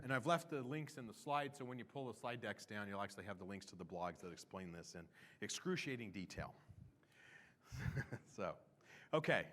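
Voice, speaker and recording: A man of ordinary pitch talks through a product roadmap at a conference session. He keeps it loose and chatty, trailing off and restarting sentences. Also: a bit bright. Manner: conversational, with fillers and restarts. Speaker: product presenter. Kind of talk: conference talk.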